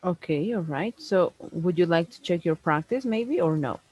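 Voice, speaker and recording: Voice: mid-range voice, lively intonation, a little mellow, no echo, low-quality recording. English teacher, patient one on one grammar lesson, keeps tacking on "no?" and "right?", dry close sound. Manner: patient, explains slowly, ends points with "no?" and "right?".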